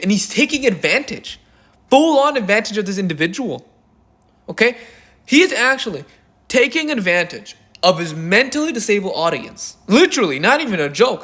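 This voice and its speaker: A man hosts a drama commentary, reading out chat messages and breaking into furious, profane rants. His voice sits high for a man and leaps around a lot. He mocks people with quick put-on quoted voices. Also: fairly bright tone. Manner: angry, profane ranting with mocking quoted voices. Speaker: commentary channel host.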